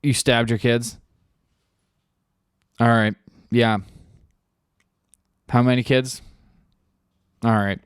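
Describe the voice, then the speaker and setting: A man imitating a bored, apathetic male 911 operator who talks flatly and stalls with ums. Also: mid-range voice, clean tone, no echo, clean studio sound. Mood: grumbling. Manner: flat, unbothered, halting with ums.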